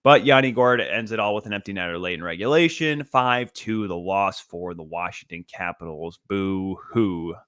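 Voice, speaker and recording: A man hosting a solo podcast, recapping games in an energetic, chatty play-by-play way with frequent asides and restarts. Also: lowish voice, normal speed, few pauses, clear, resonant tone, no room sound, clean studio sound. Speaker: podcast host.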